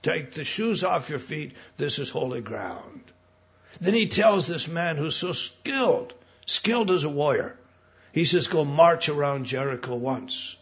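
A man's voice: fairly high pitch, sing-song, measured pace, fairly bright tone. An American man preaching a sermon, emphatic, repeating himself and putting questions to his listeners. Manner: emphatic, repeats words, asks the congregation questions. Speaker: pastor. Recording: dull lo-fi recording.

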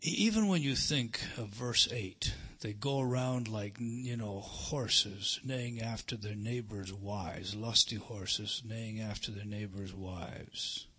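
A middle-aged man preaching a sermon, emphatic, rising to loud stresses and dropping to hushed lines. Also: fairly low pitch, slow, few pauses, slightly rough. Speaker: pastor.

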